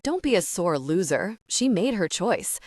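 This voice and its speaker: A woman's voice: medium pitch, sing-song, unhurried, a little mellow, no echo, clean studio sound. A woman voicing a smug man who taunts his rival in an audiobook. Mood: mocking. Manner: mocking, contemptuous.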